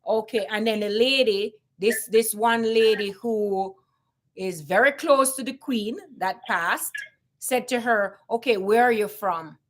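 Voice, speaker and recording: A woman's voice: a little high, slow pace. A woman with a Jamaican accent talking casually on a live stream, emphatic, repeating points and asking rhetorical questions.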